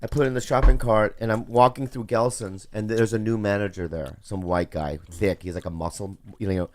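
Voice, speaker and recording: A man's voice: fairly low pitch, steady tone, a little fast, a little mellow. Man hosting a rambling podcast. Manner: rambling, profane storytelling. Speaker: podcast host. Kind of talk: casual podcast chat.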